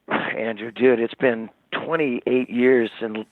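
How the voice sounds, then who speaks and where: A man, a rock singer as interview guest, telling stories in a rambling, animated way with many restarts, over the phone. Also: mid-range voice, slow, no room sound. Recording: tinny dry phone line.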